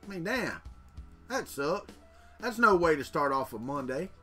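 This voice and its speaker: A man's voice: on the high side, very animated, unhurried, sharp tone, slightly rough, faint music behind. A man hosting a casual livestream, chatting and joking with viewers as he reads their comments aloud. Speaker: livestream host. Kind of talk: casual live chat with viewers.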